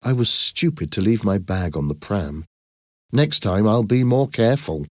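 A man reading an audiobook and voicing a frightened but brave young woman tourist in a husky voice. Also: on the low side, expressive, normal speed, darkish tone, no room sound, clean studio sound, natural voice. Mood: worried.

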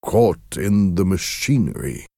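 A man voicing a worried older father in a storybook reading, gentle and hesitant in how he speaks. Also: deep voice, expressive, takes it slowly, dry recording, clean studio sound, exaggerated voice. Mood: stunned.

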